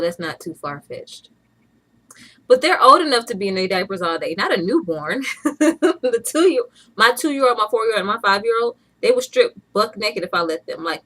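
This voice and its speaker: A chatty woman in her thirties, from Atlanta, talks casually to her camera. She sounds playful and easygoing, with a voice of ordinary middle pitch. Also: fairly bright tone, low-quality recording. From Atlanta, USA. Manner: chatty and playful, with bursts of laughter. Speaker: vlogger. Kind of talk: casual vlog chat.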